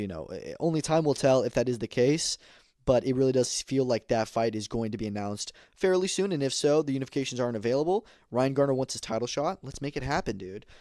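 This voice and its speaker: A man talks fast and emphatically as a podcast host, sharing blunt opinions on fights in a casual way. His voice sits at a middle pitch and sounds dry and close, with no room echo. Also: a little mellow. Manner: opinionated, emphatic, many fillers. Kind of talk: casual combat sports commentary.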